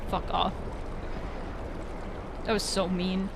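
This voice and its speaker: Slow-talking woman gaming streamer, swearing. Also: lowish voice, flat delivery, gravelly, background noise. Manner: sarcastic, swears a lot, mock-scared squeals. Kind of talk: casual let's-play commentary.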